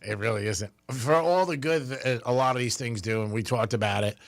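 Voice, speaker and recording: A male radio host with a mid-range voice, relaxed and chatty as he banters with his co-hosts. The studio sound is close and dry, with no room echo. He slips easily into reading contest details and phone numbers. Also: medium pitch, a little fast, creaky. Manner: easygoing, runs contests and reads out phone numbers. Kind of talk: casual talk radio banter. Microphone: studio microphone.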